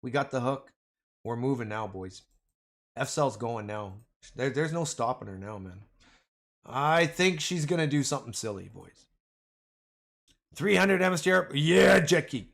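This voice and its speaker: A man's voice: mid-range voice, expressive, a little slow, creaky, pauses often, a bit bright. A man hosting a casual livestream, rambling and joking, often calling his viewers "man" and "boys". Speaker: livestream host.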